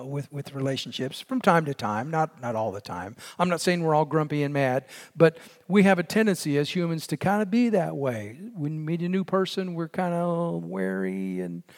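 A man preaching a sermon in an earnest way, his voice dropping to a hush on key lines. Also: fairly high pitch, in a large hall. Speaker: pastor.

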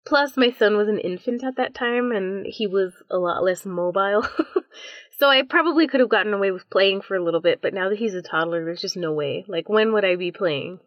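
A woman in her thirties chats casually as a podcast co-host and tosses in friendly, quick asides. The recording is dry and dull, with a lo-fi sound. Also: medium pitch, no echo. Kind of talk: casual chat. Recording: dull lo-fi audio.

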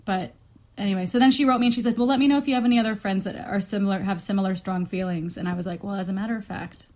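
Woman host, easy podcast banter, lively quoting voices, cursing. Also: medium pitch, racing. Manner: animated, swears freely, acts out quotes. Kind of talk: casual chat.

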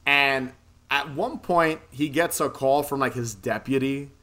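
A man's voice: mid-range voice, measured pace, sharp tone. A man casually recapping a movie plot in a podcast chat, rambling, swearing freely and laughing often. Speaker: podcast co-host.

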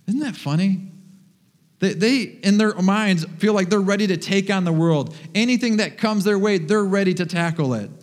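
A man preaching a sermon as pastor, animated and joking as he tells stories to his congregation in a church. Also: high-pitched, normal speed. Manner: animated, humorous storytelling. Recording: long reverb of a large hall.

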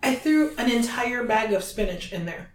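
Woman, podcast co-host, chatty and teasing, slightly high voice, echoey recording. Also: animated, moderate pace. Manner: chatty, teasing, laughs often. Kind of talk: casual chat.

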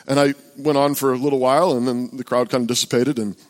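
A man, a pastor, telling a story in a halting sermon style full of fillers and restarts. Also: mid-range voice, little pitch movement. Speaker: pastor and open-air preacher. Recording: long hall reverb.

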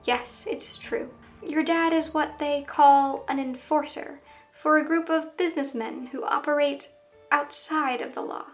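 A woman reading as a worried mother in an audio story, soft-spoken and turning grave. The voice is fairly high, with faint music behind it. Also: steady tone, unhurried. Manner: soft, then serious and confessional. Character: worried middle-aged mother, suddenly grave.

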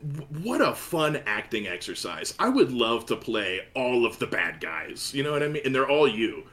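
A man hosting a casual podcast chat, talking in an excited, gushing way. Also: medium pitch, moderate pace. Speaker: podcast host.

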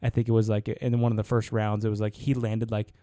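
Male podcast co-host, rambling and keen, mellow tone, dry close sound. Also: on the low side, monotone, fast talker, dry recording. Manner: rambling, many fillers and restarts, enthusiastic. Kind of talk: casual chat.

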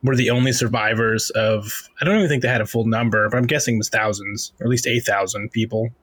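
A man's voice: on the low side, fairly even intonation, fast talker, a bit bright, slightly rough, dry recording. A man co-hosting a casual book discussion, chatty and laughing often between remarks. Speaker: podcast co-host.

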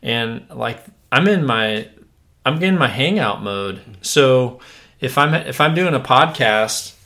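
A man hosting a casual podcast, talking in a relaxed, rambling way with many fillers and restarts. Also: medium pitch, slow pace. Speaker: podcast host. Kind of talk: casual chat.

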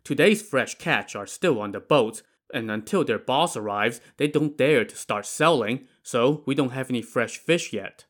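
A man's voice: medium pitch, animated, moderate pace, few pauses, natural voice. A man voicing a grudging male tavern waiter who speaks matter-of-factly.

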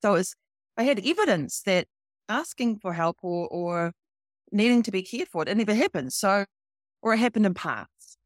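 A woman's voice: medium pitch, expressive, moderate pace, dry recording, studio quality. A woman guest on a recovery podcast, talking candidly and emphatically, swearing for emphasis.

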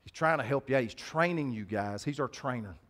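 Man, pastor, casual sermon, talks to the room, mid-pitched voice. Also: animated, fairly quick, fairly bright tone. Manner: conversational preaching with call-outs to the congregation. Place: church.

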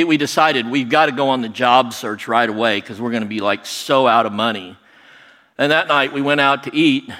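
A man telling a personal story to an audience, animated and acting out what people said. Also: medium pitch. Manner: animated, acts out quoted voices. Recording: long hall reverb.

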